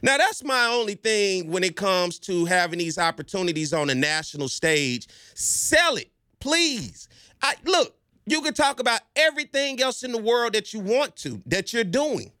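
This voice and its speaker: A man's voice: high-pitched, sing-song, normal speed, sharp tone, dry recording, clean studio sound. A man hosting a college sports fan show, talking in a casual, emphatic and persuasive way, often speaking straight to his listeners. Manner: slangy and conversational. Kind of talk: casual commentary monologue.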